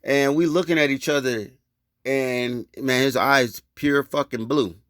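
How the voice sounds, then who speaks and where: Man, casual storyteller, rambling and cursing, mid-pitched voice, dry close sound. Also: steady tone, a little slow, fairly bright tone, no echo. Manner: loose, rambling and profane street talk. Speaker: vlogger telling a personal story.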